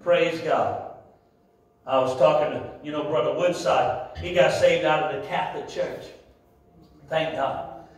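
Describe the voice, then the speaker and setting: A man preaching a sermon as pastor, with a Midwestern American accent, shouting in bursts and drawing amens back from the congregation. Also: on the high side, steady tone, unhurried, long pauses. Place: large church sanctuary. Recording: echoey hall, heard from far off. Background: congregation calling amen.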